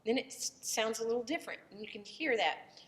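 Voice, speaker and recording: A woman's voice: on the high side, brisk, big-room sound. A woman voice teacher who has a cold, explaining the vocal tract in a loose, conversational lesson and breaking into short vowel demonstrations.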